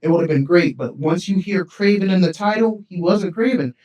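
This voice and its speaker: A man chatting on a casual podcast, rambling and restarting his sentences with plenty of slang. His voice sits a little high. He sounds set back from the mic in an echoey room. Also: a little fast, darkish tone, far from the mic, muffled recording. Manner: rambling, repeats words, slangy "you feel me". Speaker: podcast co-host. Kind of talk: casual chat.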